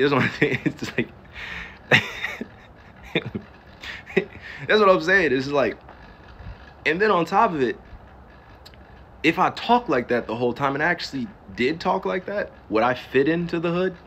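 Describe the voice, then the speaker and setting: Talking a little fast in a high, slightly bright voice with lively intonation, this Newark, New Jersey man, a pro athlete who livestreams, launches into a casual rant. He throws out rhetorical questions and swears to drive points home, over slight background noise.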